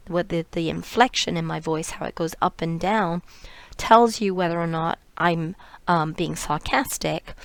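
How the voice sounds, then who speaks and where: Lower-voiced woman explaining a lecture. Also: smooth, no room sound. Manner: explanatory, many fillers and restarts, drops to near whisper at times. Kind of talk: narrated lecture over slides.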